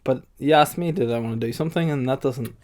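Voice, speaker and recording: A man's voice: medium pitch, fast, close to an everyday voice. Man doing a snippy club girl. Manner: suspicious, sharp, talks up loud. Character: snippy young woman at a loud club.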